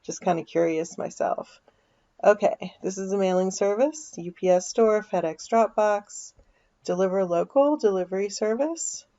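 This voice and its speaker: A woman's voice: mid-range voice, moderate pace, warm tone, lo-fi sound. A woman vlogger, chatting casually as she walks through a search on her screen, thinking aloud with dry asides. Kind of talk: casual screen-share walkthrough.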